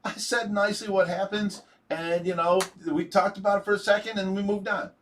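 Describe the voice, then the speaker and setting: A man's voice: high-pitched, flat delivery, brisk, a bit bright, a little hiss or hum. A man hosting a livestream, talking bluntly and speaking his mind in casual chat. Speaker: livestream host. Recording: voice from away from the mic.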